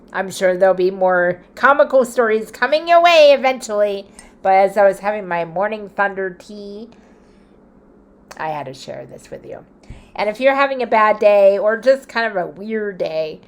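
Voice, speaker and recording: A woman's voice: fairly low pitch, slight background noise. Chatty, laughing woman vlogger. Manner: chatty and playful, laughing often, drifting into soft asides. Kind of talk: casual chat to camera.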